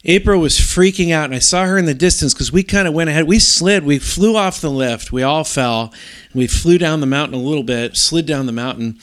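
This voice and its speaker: A middle-aged man co-hosting a podcast, telling a long story in a rambling, animated way with many restarts. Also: fairly high pitch, a little fast. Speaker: podcast co-host. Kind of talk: casual storytelling chat.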